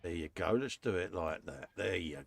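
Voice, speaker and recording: A man's voice: sits low, lively intonation, a little fast, gravelly. An English man hosting a casual live chat from his workshop, laughing often and calling everyone "mate". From England. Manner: chatty, laughs often, says "mate" a lot. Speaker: host.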